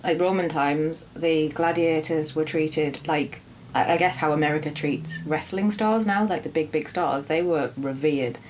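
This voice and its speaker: A woman's voice: deep voice, a little slow, hardly any pauses, slight background noise. A young woman personal trainer co-hosting a podcast, talking earnestly and with enthusiasm. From northern England. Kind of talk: casual chat.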